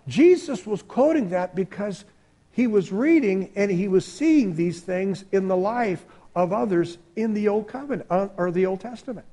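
A male pastor preaching a sermon, emphatic and swinging between loud exclamations and quiet asides. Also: high-pitched, big pitch swings, a little slow.

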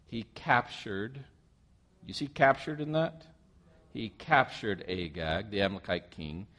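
A man preaching, his fairly low voice rising and falling in lively swings. He reads the scripture passage aloud and keeps breaking off to ask his listeners questions about it. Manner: animated, asks the listeners questions. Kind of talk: sermon reading and commenting on scripture.

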